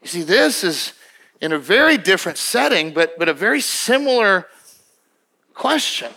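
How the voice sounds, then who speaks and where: High, bright-voiced male pastor preaching. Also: very animated, normal speed. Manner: conversational, emphatic preaching with repeated restarts. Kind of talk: sermon.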